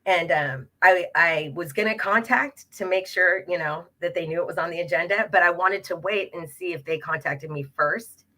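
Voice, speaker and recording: A woman from the Los Angeles area of California, president of a local progressive club, casually tells a campaign story on a web talk show. Her voice sits fairly low and moves at a moderate pace with hardly any pauses. She's animated, fills her speech with fillers, and acts out the quoted exchanges.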